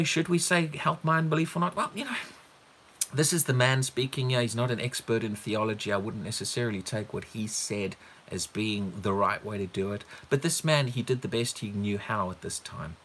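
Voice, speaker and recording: A man preaching a sermon, animated and repeating himself as he gets excited. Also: medium pitch, a little fast. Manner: animated, rising to loud excited bursts when quoting; repeats words and restarts when excited.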